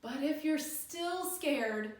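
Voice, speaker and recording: A woman doing a gentle reassuring grandpa. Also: high voice, lively intonation, slow. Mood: soothing. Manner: soothing, gentle. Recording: echoey room from a distance.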